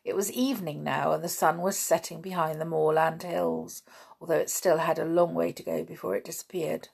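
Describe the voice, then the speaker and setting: A woman reading a children's novel aloud in a calm, even storytelling manner. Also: sits low, brisk, gravelly, breathy edge. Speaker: audiobook narrator.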